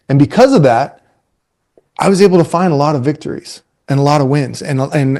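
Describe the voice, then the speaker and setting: Energetic man in his forties telling stories. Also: medium pitch. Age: 40s. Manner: energetic, conversational, retells stories with animated quoted voices. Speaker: webinar presenter and youth coaching speaker. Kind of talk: casual storytelling talk to coaches.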